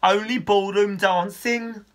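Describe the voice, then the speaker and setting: Man putting on a high, huffy little girl; anxious and bossy, snaps back fast. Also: steady tone. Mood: indignant. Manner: quick, sharp retorts.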